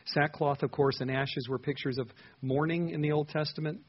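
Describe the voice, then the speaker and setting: A man's voice: mid-range voice, steady tone, a little fast, few pauses, husky, muffled recording. A man preaching a conversational sermon, teaching through a psalm verse by verse and voicing the psalmist's prayers. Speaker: pastor.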